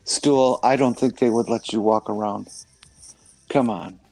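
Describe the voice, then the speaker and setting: A man's voice: fairly low pitch, fairly even intonation, a little slow, gravelly, dark tone, no echo, soft background music, low-quality recording. A man chatting casually, playful and quibbling. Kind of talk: casual chat.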